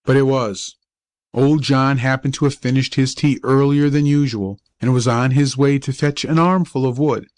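A man reading a story aloud as an audiobook narrator, in a measured storytelling manner. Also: medium pitch, fairly even intonation, darkish tone, dry recording. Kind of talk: scripted narration.

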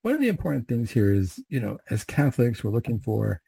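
Male Catholic prayer leader, low dark tone, dry close sound, measured conversational delivery. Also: very animated, vocal fry, breathy edge, no echo. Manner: measured, conversational, with occasional fillers. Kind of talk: recited prayers, then a spoken reflection.

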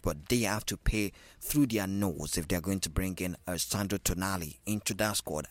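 A man's voice: low-pitched, dry recording. A man with a Nigerian accent hosting a radio sports call-in show, teasing callers with laughs and slipping into pidgin. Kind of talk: casual call-in chat.

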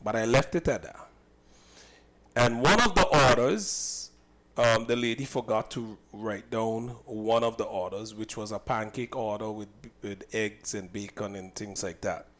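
A man's voice: fairly low pitch, unhurried, fairly bright tone, slight background noise, poor audio. Emphatic man recounting a clash. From Saint Kitts. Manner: emphatic, indignant, repeats himself. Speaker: cook and business owner. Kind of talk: recounting a personal incident.

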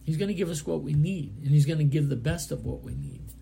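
A man's voice: on the high side, lively intonation, quick pace, gravelly, mellow, slight background noise. A man giving a sermon, reading scripture aloud and explaining it in an earnest, plainspoken way with frequent restarts. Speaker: preacher.

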